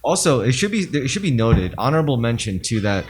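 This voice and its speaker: A man's voice: mid-range voice, big pitch swings, a little fast, slight background noise. A young man co-hosting a podcast in casual chat, joking, laughing often and trailing off mid-sentence. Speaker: podcast co-host.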